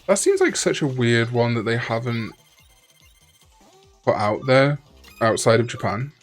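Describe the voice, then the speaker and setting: A man in casual gaming chat, rambling through jokes and asides at a middling pitch. Faint game music plays behind him. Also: big pitch swings, a little slow. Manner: chatty, joking, rambling asides. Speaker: Let's Play co-host.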